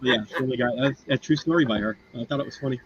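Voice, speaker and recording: An American man in a loose, rambling chat, telling a story with lots of "uh"s and asides. His voice comes through a bit muffled over a faint hiss. He speaks at an ordinary middle pitch. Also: racing. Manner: rambling storyteller, many fillers. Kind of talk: casual chat.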